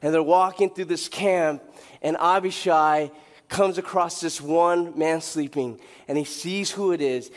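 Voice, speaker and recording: A male pastor delivering a sermon, retelling a Bible story with lively acted-out dialogue. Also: a little high, measured pace, big-room sound. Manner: animated storytelling, acting out characters' lines. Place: church sanctuary.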